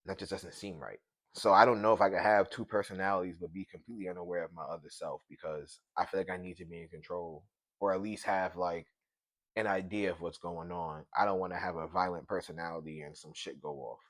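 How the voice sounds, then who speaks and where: This solo podcast host is a thirtysomething from Brooklyn, New York, who talks with a Brooklyn accent and riffs in a slangy, profane, easygoing way. He speaks a little fast in a low voice with fairly steady intonation, and there's no echo on the audio.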